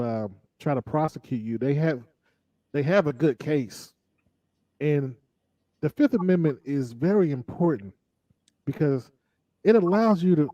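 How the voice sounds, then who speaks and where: A man's voice: a little high, dark tone, no room sound, highs cut off. A man co-hosting a casual talk show, chatting in a laid-back, drawling way with mocking asides. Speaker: podcast co-host. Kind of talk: casual chat.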